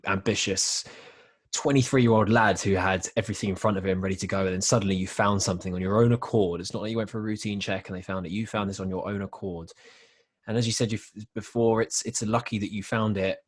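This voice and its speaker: A man hosting a podcast, asking his guest questions and searching for his words with many repeats. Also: deep voice. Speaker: podcast host. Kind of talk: interview questions in casual chat.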